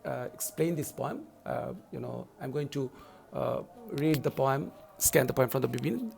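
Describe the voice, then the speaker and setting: A middle-aged man lecturing on English poetry in a recorded online class, explaining slowly and deliberately. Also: medium pitch, gravelly. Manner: slow deliberate explaining, loud stressed verse recitation.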